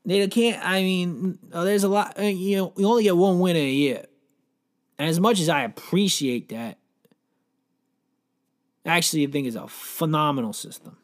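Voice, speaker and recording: A man's voice: high voice, moderate pace, long pauses. A young man rambling through a comic monologue, full of fillers and restarts, telling silly made-up stories with mock seriousness. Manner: meandering, filler-heavy, deadpan mock storytelling.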